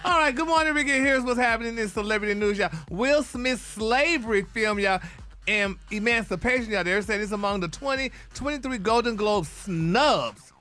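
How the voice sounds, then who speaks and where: Flamboyant high-voiced man dishing gossip. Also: moderate pace, sharp tone. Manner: flamboyant, sprinkles "honey" and "y'all". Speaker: celebrity news correspondent. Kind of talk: gossipy celebrity news segment.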